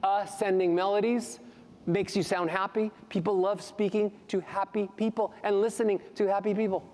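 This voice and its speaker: A man who is a voice coach, speaking on a conference panel and demonstrating speech melody with sweeping pitch changes. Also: little pitch movement, normal speed, a little mellow. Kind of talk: panel talk with vocal demonstrations. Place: large hall on a conference stage. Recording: long hall reverb.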